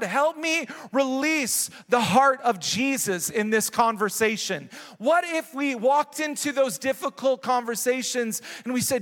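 A man's voice: very high voice, fairly bright tone. A middle-aged male pastor preaching a sermon, earnest and urging, repeating his points to the congregation. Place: large church hall. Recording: long hall reverb.

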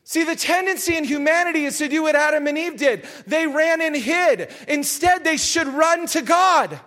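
A man preaching a sermon to his church, emphatic, repeating his phrases and sometimes raising his voice to a shout. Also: extremely high pitch, normal speed.

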